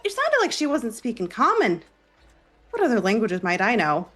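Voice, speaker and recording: Woman, fairly high voice, bouncy animated delivery, tabletop player. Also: normal speed. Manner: lively, laughs often, playful. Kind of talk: tabletop role-play, animated in-character talk.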